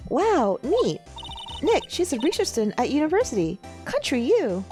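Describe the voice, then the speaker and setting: A woman's voice: high voice, wildly swooping pitch, moderate pace, a little mellow, faint music behind, voice pushed up. A woman voicing a shy, cheerful teenage girl sidekick, timid and bubbly.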